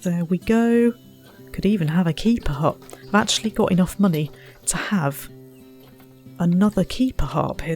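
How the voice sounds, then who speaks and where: A woman's voice: lowish voice, normal speed, darkish tone, faint music behind. A woman giving casual gameplay commentary, chatty and self-mocking, muttering to herself and the animals. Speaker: let's play gamer.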